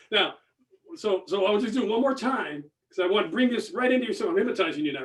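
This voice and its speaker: A man's voice: high voice, expressive, fast talker, husky, faint music behind. A man presenting a live sales webinar, upbeat and chatty, repeating phrases and reading the chat aloud over a computer mic. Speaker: webinar presenter, business mentor. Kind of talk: casual live webinar teaching.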